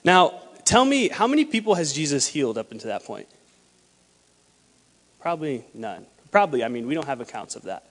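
High-voiced young man preaching in a hall. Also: a little fast. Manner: animated, acts out dialogue in lowered voices. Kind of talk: sermon. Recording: long hall reverb.

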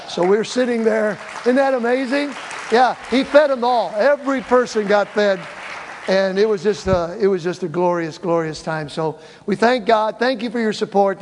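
An older male pastor telling mission stories to his church and acting out the quoted voices in an animated way. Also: high-pitched. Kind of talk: church mission report with slides. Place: church hall. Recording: reverberant church hall.

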